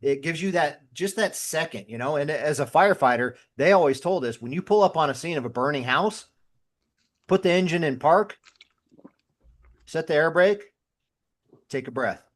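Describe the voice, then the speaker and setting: A man's voice: fairly high pitch, expressive, moderate pace, long pauses. A man talking as a podcast guest who was a firefighter. He tells everyday stories and acts out his own inner voice in quotes. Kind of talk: casual conversational podcast talk.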